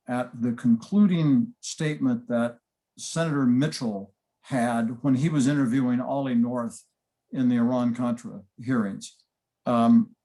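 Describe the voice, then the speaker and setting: A man's voice: medium pitch, darkish tone. A man speaking as a panelist in an online discussion, earnest and emphatic.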